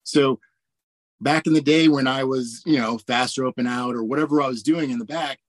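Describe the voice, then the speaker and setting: A man's voice: medium pitch, normal speed, no echo. Laid-back storytelling man, dry sound. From Indiana, USA. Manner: relaxed, filler-heavy, laughs often. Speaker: guest, army warrant officer pilot. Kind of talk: casual storytelling interview.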